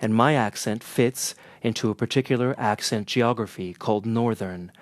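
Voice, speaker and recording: A man with a Northern American accent, an interpreter teaching in a measured, earnest way. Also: fairly low pitch, dry recording. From northern United States. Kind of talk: scripted lesson to camera.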